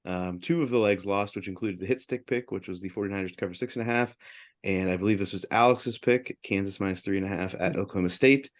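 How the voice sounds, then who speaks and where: A man co-hosting a sports betting podcast, casually running through wins and losses in quick upbeat bursts. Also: low voice. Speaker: podcast co-host reading betting results.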